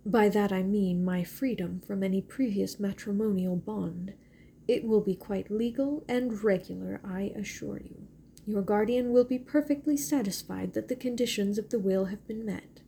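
A woman reading the part of a calm, reserved and kindly gentleman in a novel, speaking evenly and formally. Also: mid-range voice, moderate pace, gravelly, slight background noise, close to an everyday voice.

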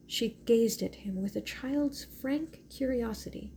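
A woman narrating a novel in a gentle, measured reading voice. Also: fairly high pitch, a little hiss or hum. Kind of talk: audiobook narration.

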